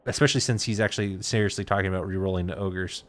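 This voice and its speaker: Low-voiced laid-back man hosting. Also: fairly even intonation, fast. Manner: lots of uh and um fillers, laid-back. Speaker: host. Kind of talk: casual esports commentary.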